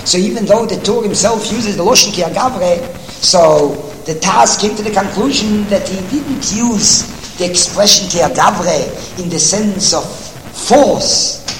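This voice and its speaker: A man teaching a Talmudic text lesson, reading Hebrew passages aloud rapidly and then explaining them in English, often repeating words as he thinks. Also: sits high, a bit bright, roomy sound, big-room sound, a little hiss or hum, rough recording. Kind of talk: text study lecture.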